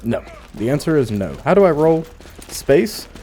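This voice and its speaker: A man's voice: a little high, big pitch swings, normal speed, mellow, a little hiss or hum. A man casually commentating as he plays a video game, musing aloud with dry asides. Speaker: gameplay commentator. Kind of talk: casual let's play commentary.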